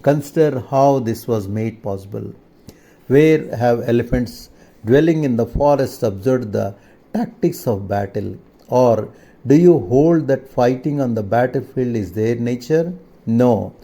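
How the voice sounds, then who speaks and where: A man reading the words of a calm, firm divine teacher in a steady, instructive way. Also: mid-range voice, unhurried.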